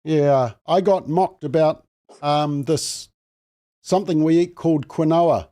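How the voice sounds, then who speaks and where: New male host, self-deprecating, loose and chatty, slightly raised pitch. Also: a little slow, mellow. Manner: chatty, self-mocking, rambling with fillers. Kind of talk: panel show chat.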